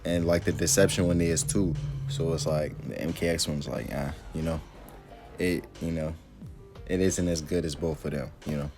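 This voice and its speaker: Laid-back deep-voiced man rambling casually. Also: steady tone, moderate pace, over music. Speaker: YouTuber. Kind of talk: casual video commentary.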